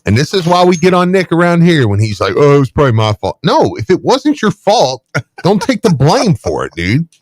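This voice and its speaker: A man's voice: sits high, huge pitch swings, no echo. A man co-hosting a podcast in casual chat, teasing a friend and acting out other people's lines. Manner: teasing, acts out other people in quick voices. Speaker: podcast co-host.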